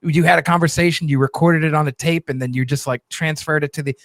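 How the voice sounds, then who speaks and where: A man chatting casually about a movie trailer in an animated way, restarting his sentences and saying "like" a lot. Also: on the high side, fast, no echo, studio quality. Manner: animated, repeats words and restarts, says "like" often. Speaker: podcast co-host.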